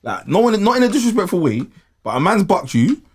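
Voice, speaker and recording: A man co-hosting a podcast, talking in animated, repetitive slangy banter. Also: high-pitched, a little fast, breathy edge. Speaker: co-host. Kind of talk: casual podcast chat.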